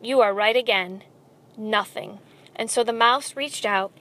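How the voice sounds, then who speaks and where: Expressive woman reading a storybook aloud. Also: medium pitch, unhurried. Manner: expressive, addresses the listener directly.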